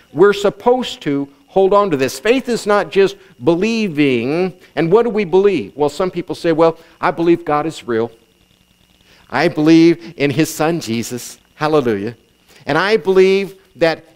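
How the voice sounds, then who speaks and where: Middle-aged male pastor, sermon delivery, emphatic and repetitive, voice sits a bit high for a man. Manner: emphatic preaching with repetition and scripture reading.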